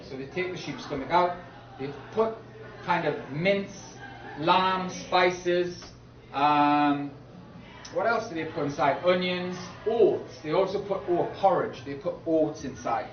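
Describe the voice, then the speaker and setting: Man teaching a class, slightly high voice, distant echoey classroom, dull lo-fi sound, slow emphatic delivery. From Britain. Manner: repeats "okay?" to check understanding, slow emphatic key words. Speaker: English teacher. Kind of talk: classroom lecture.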